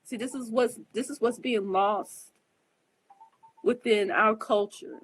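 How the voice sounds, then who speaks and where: Slow and slightly rough, this woman's fairly high voice holds a fairly even intonation over poor audio. As an astrologer offering advice, she speaks casually to her viewers in an earnest, emphatic, preachy monologue, openly emotional and frequently checking that they understand.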